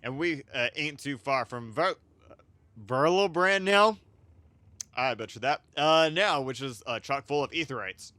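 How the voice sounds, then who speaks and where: A man's voice: medium pitch, animated, measured pace, bright, forceful tone, no echo. A man voicing a chatty, folksy male peddler on a ship, reading game lines in an amateur voice-over with homespun talk. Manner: homespun talk, calls listener lad, says reckon.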